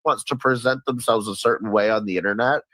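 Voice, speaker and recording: A man on a call calmly questioning the others' claims, with hesitant fillers. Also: on the low side, fast, dry recording. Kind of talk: casual argument on a call.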